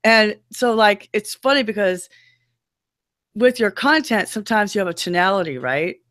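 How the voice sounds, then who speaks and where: A woman with a low voice, co-hosting a casual web talk show and breaking into playful impressions as she talks. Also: lively intonation, normal speed, fairly bright tone, no echo, clean studio sound. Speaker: podcast co-host. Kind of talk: casual chat.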